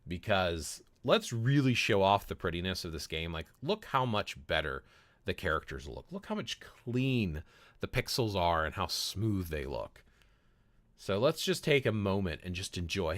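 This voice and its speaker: A man with a low voice chats casually while streaming a mobile game. He talks to his viewers by name and often repeats words or restarts a thought. The sound is dry and close, with little room echo. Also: very animated, normal speed, a bit bright. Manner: greets viewers by name and answers chat. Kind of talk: casual live-stream chat while playing.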